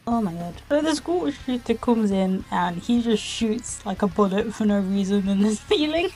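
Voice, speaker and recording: A woman's voice: medium pitch, moderate pace, darkish tone. A woman casually reviewing online videos, retelling the plot in a rambling, giggly, exclamatory way.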